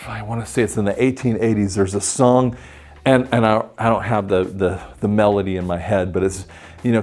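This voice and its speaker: A man teaching the Bible in a sermon style, animated and acting out the voices of the people he quotes. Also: fairly low pitch.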